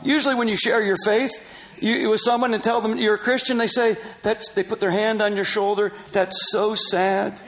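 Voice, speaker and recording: A middle-aged or older man, a Christian missionary, telling a personal story in conversation, animated and laughing often as he acts out the dialogue. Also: sits high, a little fast, low-quality recording.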